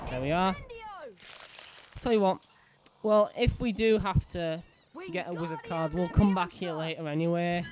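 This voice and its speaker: A man's voice: high voice, normal speed, a little mellow, slight background noise. A man giving casual, rambling gameplay commentary full of fillers. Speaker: let's play host.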